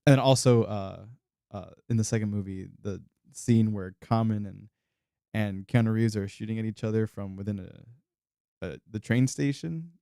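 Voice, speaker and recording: A man co-hosting a casual movie podcast, speaking hesitantly with many pauses and restarts. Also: lowish voice, vocal fry, mellow, smooth, dry recording, studio quality.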